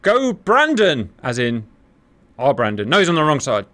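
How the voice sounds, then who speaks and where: A man hosting and commentating a simulated air battle, talking straight to viewers, joking and cheering loudly as it unfolds. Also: mid-range voice, a little fast. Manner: animated, jokey, talks to viewers, cheers loudly. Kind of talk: excited gaming commentary.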